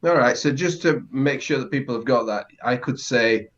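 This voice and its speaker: A man's voice: medium pitch, normal speed, highs cut off. A man co-hosting a casual podcast lesson as the learner, curious and hesitant, often restarting sentences. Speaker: co-host and learner.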